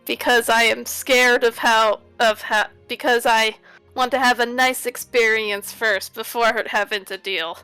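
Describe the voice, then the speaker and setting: A woman from Newfoundland playing a tabletop game, chatting in a quick, playful way. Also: a little high, fairly even intonation, bright, forceful tone, smooth, no room sound, faint music behind, poor audio. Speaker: player. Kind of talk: casual chat.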